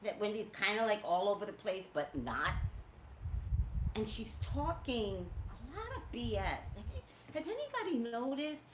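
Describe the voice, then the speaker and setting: A woman hosting a casual live-stream talk show, gossiping in an animated way and talking straight to her viewers. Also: mid-range voice, moderate pace. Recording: echoey room with faint noise.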